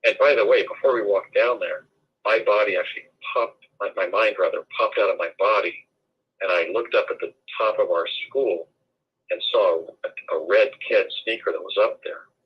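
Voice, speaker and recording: Brief: man in his 60s, interview guest, husky, rather low voice, digressive storyteller, over a dull lo-fi line. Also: normal speed. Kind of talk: long-form interview storytelling.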